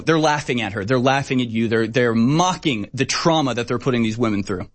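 A man's voice: medium pitch, fairly quick. A man delivering opinionated commentary in a sarcastic, emphatic ranting manner. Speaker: political commentator.

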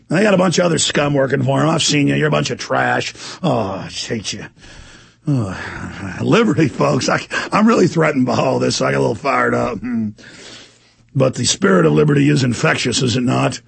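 A hoarse man hosting a talk radio show, with fiery, sarcastic rants and shouting outbursts. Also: mid-range voice. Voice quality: gravelly. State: hoarse from screaming. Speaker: radio host. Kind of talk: heated talk radio ranting.

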